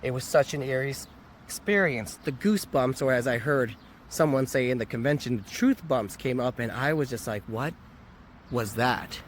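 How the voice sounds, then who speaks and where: Speaking at normal speed with a medium-pitched voice, a vlogger who's worn out and recovering from a cold shares a candid, reflective personal story, laughing at himself. It's a casual vlog shot outdoors near a convention area, with faint traffic noise.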